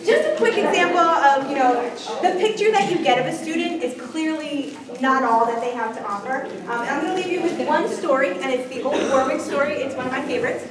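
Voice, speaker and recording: A woman's voice: sits high, brisk, few pauses, crowd noise. A woman presenting on gifted education to teachers, upbeat and chatty, telling stories. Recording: echoey room, far mic, background noise.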